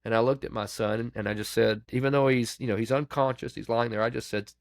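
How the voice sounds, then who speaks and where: A man's voice: steady tone, quick pace, vocal fry, few pauses, no echo. A man, a pastor, telling his story of grief and faith candidly in a podcast interview, in a plain conversational way. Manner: candid, conversational, acts out quoted voices; falls quiet and low when recounting grief.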